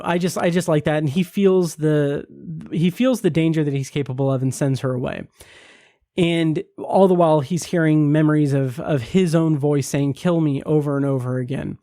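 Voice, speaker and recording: A man's voice: fairly high pitch, warm tone, no room sound, studio quality. A man hosting a solo podcast, casually reviewing a TV episode in a rambling way, full of fillers and restarts. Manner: rambling, many fillers and restarts, acts out quoted lines.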